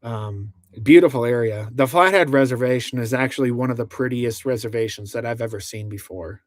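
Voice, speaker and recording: A man's voice: medium pitch, brisk, no echo, clean studio sound. Rambling man chatting on a livestream. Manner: rambling, many restarts, laughs between lines. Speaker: livestream host. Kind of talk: casual livestream chat, reading out viewer comments. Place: inside a truck camper.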